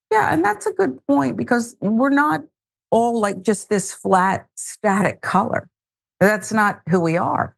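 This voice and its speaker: A woman's voice: fairly high pitch, a little slow, gravelly. A woman hosting a news commentary show, reading headlines casually with wry, joking asides.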